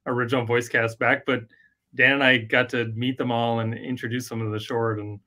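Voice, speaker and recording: A man's voice: medium pitch, flat delivery, fairly quick, sharp tone. A man being interviewed as a director, telling stories in a friendly, upbeat way. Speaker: guest, animation director. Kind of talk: casual interview.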